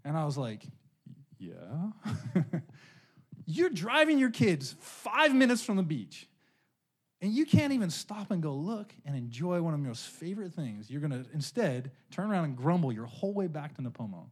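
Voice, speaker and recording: A middle-aged man delivers a sermon in a loose, conversational way, leaning on personal stories and checking in with the congregation. His voice sits a little high for a man and swings widely in pitch as he talks. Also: big pitch swings, normal speed, slightly rough. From California. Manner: casual, conversational storytelling with frequent "right?". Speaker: pastor.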